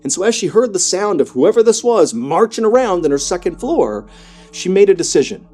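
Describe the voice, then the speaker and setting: Man telling a horror story, mellow voice. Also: big pitch swings. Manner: quick, conversational, frequent filler "you know"; climbs high and loud in tense action. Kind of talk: storytelling narration. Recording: faint music behind.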